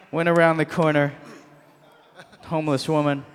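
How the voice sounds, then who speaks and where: A man entertains a convention crowd with a comic story, slipping into voices and laughing along the way. His voice sits a little high for a man. The sound carries the long reverb of a large hall. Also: brisk. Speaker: convention panel guest. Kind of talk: comic anecdote to a live audience.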